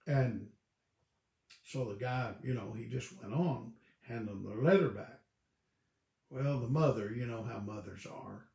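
A man, a pastor teaching a Bible study in a folksy, storytelling way with halting restarts. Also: medium pitch, creaky, darkish tone, roomy sound.

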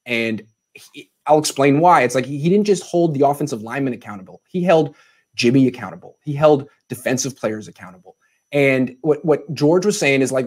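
Brief: male show host, slightly husky, relaxed moderator of a sports panel. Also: mid-range voice, brisk. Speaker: podcast host.

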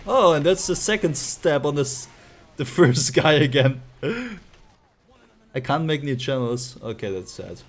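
A man's voice: fairly high pitch, animated, measured pace. A man streaming live gameplay, playfully chatting with viewers and laughing often.

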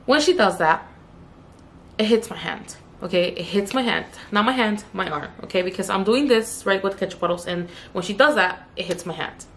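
A young woman tells a story from her job in a loose, chatty way. She drops the odd curse and speaks straight to her viewers. When she acts out what someone said, her pitch jumps up. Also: normal speed, a little hiss or hum. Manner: animated, acts out the customer's lines with raised pitch; swears casually, addresses viewers as "you guys". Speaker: beauty vlogger telling a story. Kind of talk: casual storytime while doing makeup.

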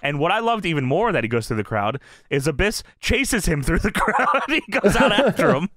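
A man co-hosting a podcast, excitedly recapping a wrestling show in casual chat, laughing often and swearing freely. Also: on the high side, moderate pace, dry recording, studio quality. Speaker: podcast co-host.

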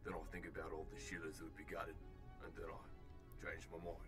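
An actor playing a crude, teasing talking computer with an Australian accent and broad slang. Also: male voice, extremely low pitch, little pitch movement, fairly quick, music in the background. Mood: wry.

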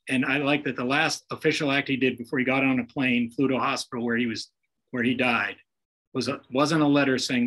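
A man's voice: mid-range voice, fairly even intonation, brisk, a bit bright, low-quality recording. A man swaps stories over a video call in a folksy, homespun way. He keeps slipping into the voices of the people he quotes. The sound has the plain feel of a call mic. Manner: folksy anecdotes with acted-out quotes. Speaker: guest author telling stories.

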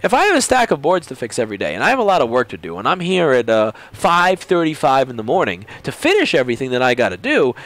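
A man who runs a repair shop, ranting casually in a blunt, profane, animated way. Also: mid-range voice, quick pace, few pauses, no room sound. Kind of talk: casual rant vlog.

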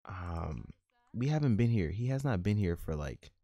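Brief: male gaming host with a low voice, dry close mic, casual slangy commentary. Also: moderate pace, dry recording. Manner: animated, slangy, laughs at his own jokes. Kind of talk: casual let's-play commentary.

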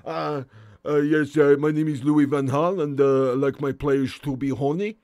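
A man doing a blunt Dutch football manager, in a put-on Dutch accent. He hesitates often as he searches for words. The delivery is flat and matter-of-fact. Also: fairly high pitch, takes it slowly, dry recording, studio quality, voice pushed down.

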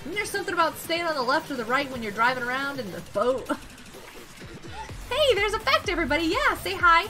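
A woman streaming a game, chatting casually and excitably, greeting and thanking her viewers. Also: sits high, fairly quick, faint music behind. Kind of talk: casual live-stream chat while gaming.

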